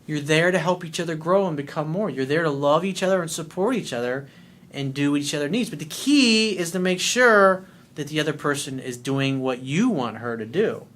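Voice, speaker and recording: A man's voice: a little high, expressive, normal speed, a bit bright. A man working as a dating coach, answering a listener's letter in a blunt, profane way and acting out little scenes.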